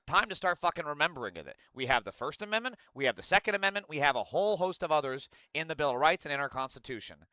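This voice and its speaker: Male streamer host, angry sarcastic rant, slightly high pitch, dead-dry close sound. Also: sharp tone, clear, resonant tone, no echo. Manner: reads and answers chat. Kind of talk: live political commentary.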